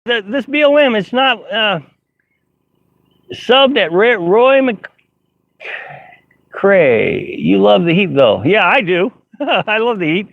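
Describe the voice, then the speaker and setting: Middle-aged man with a high voice, casually chatting with viewers from his camper. Rambles with lots of fillers, on a dull, lo-fi stream recording. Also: big pitch swings, slow pace, gravelly, pauses often, no room sound. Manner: rambling, laughs often, many fillers and restarts. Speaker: RV vlogger hosting a live stream. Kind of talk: casual live-stream chat, reading viewer comments. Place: inside a camper. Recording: dull, lo-fi live-stream audio.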